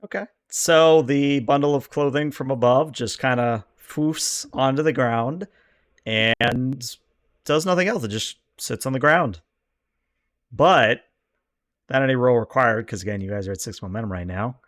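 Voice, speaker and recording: A man running a tabletop role-playing game, narrating scenes in a lively, playful way and laughing often. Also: mid-range voice, measured pace. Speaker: game master.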